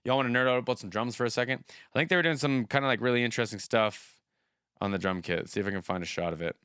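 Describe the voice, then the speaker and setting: A man's voice: mid-range voice, fast, fairly bright tone, smooth, dry recording, clean studio sound. A man hosting a music reaction video, chatting casually and enthusiastically with a rambling flow of fillers.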